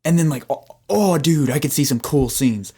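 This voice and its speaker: A man co-hosting a podcast in casual chat, pitching a story and acting out its scenes. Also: moderate pace, breathy edge. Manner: animated storyteller who acts out scenes. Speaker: podcast co-host.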